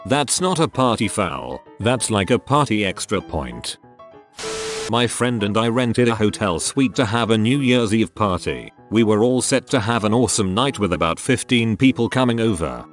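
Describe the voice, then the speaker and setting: Man, scripted story narration, low voice, animated pitch, wry amused delivery. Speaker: narrator reading online stories.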